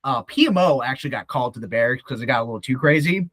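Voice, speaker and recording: A young man telling a profane, animated story in casual talk, often acting out the voices of others. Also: medium pitch, rapid-fire, dry recording. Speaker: podcast guest.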